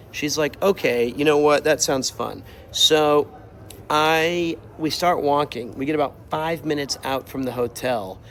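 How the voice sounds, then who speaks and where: A young man casually telling a travel story while walking outside, animated and exasperated, acting out quotes. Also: on the high side, a little hiss or hum. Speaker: streamer. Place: outdoors, walking. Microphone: mobile mic while walking.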